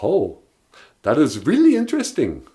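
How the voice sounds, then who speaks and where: A man co-hosting a podcast in easygoing, halting casual chat with many fillers. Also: a little high, wildly swooping pitch, warm tone. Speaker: podcast co-host. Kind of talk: casual comedic radio chat.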